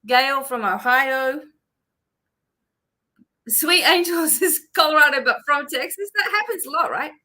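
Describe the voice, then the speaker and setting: A woman's voice: high voice, expressive, a little slow, long pauses, pushed and bright, poor audio. An Australian woman hosting a live psychic-reading stream, chatting casually and reading out viewers' names and places.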